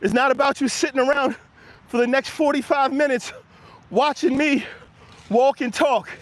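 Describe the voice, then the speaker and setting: A man's voice: very high-pitched, steady tone, normal speed. A man hosting a live motivational walk-and-talk, slightly out of breath from walking outdoors and energetically encouraging his viewers and answering their comments. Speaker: motivational livestream host. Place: outdoors on an early-morning walk. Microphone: handheld camera while walking.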